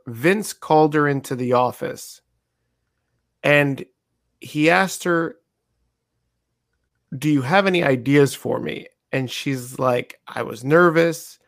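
A man's voice: mid-range voice, slow pace, pauses often. A man co-hosting a podcast, chatting casually about wrestling news, laughing and joking as he asks long rambling questions. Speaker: podcast co-host. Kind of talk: casual chat.

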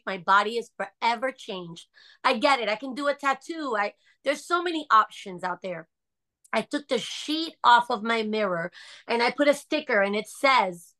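A woman's voice: on the high side, lively intonation, moderate pace, pushed and bright. A middle-aged woman from the United States, a podcast guest, telling a personal story earnestly and with emphasis, often asking "right?".

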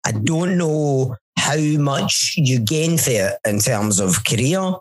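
Young Scottish male comic, husky, animated, jokey podcast banter. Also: mid-range voice, takes it slowly, poor audio. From Scotland. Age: young adult. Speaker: stand-up comedian, podcast co-host. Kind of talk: casual chat.

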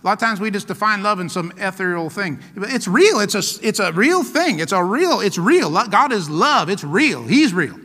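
A man pastor preaching a sermon, animated and playful, acting out little scenes and laughing along. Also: high-pitched, moderate pace, hardly any pauses, in a large hall.

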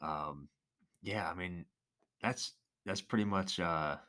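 A man's voice: deep voice, slow, sharp tone. A man co-hosting a podcast in casual chat, laid-back and laughing often, turning reflective. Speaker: podcast co-host.

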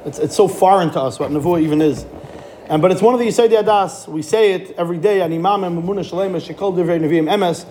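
Fast-talking high-voiced man teaching Torah. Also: slight background noise. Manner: animated, rhetorical questions, frequent restarts. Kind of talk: Torah class lecture.

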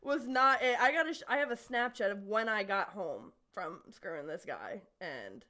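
A young woman in her twenties chats casually on a podcast with a bright, ringing voice. Her pitch swings widely while she acts out quoted dialogue and laughs between lines. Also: expressive, normal speed. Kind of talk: casual chat, storytelling.

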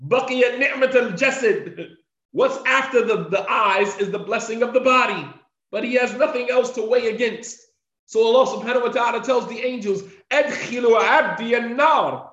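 Male preacher, emphatic and repetitive, high-pitched, dull echoey recording. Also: a bit bright. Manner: emphatic, repeats key phrases for effect; recites Arabic passages quickly between English explanation. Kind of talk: devotional talk.

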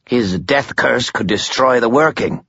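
A man voicing a quiet, deadly female assassin who speaks in a firm, quiet way. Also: medium pitch, unhurried, breathy edge, dry recording, muffled recording, voice pushed up, exaggerated voice.

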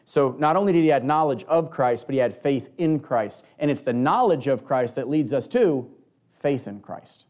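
A man preaching a sermon, telling a scripture story in an animated way and acting out the people in it. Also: medium pitch, normal speed.

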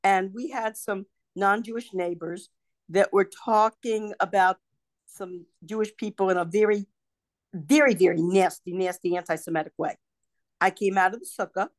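A woman's voice: mid-range voice, moderate pace, dry recording. An older woman telling stories in a casual chat over a video call, acting out the people she quotes. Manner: animated storyteller, acts out quoted voices. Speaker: podcast guest, host's mother.

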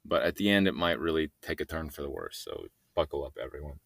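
A man's voice: a bass voice, big pitch swings, fast talker, vocal fry, a bit bright, no echo, studio quality. A man hosting a solo podcast, rambling and joking in a meandering way and trailing off mid-sentence. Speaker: podcast host.

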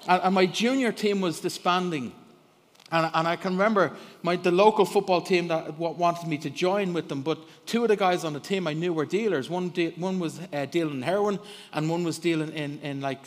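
A middle-aged man preaching a sermon in church, telling stories with lots of laughs and repeated words. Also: a little high. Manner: animated storyteller, laughs often, repeats words when starting. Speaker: guest preacher. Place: church hall. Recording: long hall reverb.

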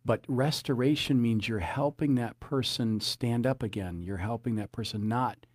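A man's voice: mid-range voice, normal speed, darkish tone, dry recording. A man preaching a sermon as a pastor, earnest, often repeating his phrases and citing scripture.

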